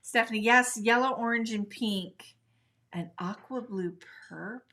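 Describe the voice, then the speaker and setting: A woman hosting a live stencil and ink craft stream, chatting along as she works. Her talk is upbeat and casual, full of little asides, and she slips into a sing-song lilt now and then. She speaks at a medium pitch. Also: a little slow, fairly bright tone. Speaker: craft tutorial host.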